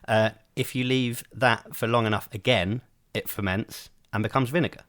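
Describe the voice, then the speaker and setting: A man's voice: mid-range voice, fairly even intonation, moderate pace, a bit bright, no echo, studio quality. A man co-hosting a podcast, chatting casually and hesitantly with many ums. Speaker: podcast co-host. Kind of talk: casual chat.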